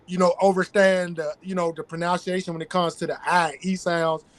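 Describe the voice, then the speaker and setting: A man's voice: high voice, level tone, fairly quick. A man with a Southern US accent, a guest activist in an interview, talking emphatically and repeating his key phrases. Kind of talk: interview conversation.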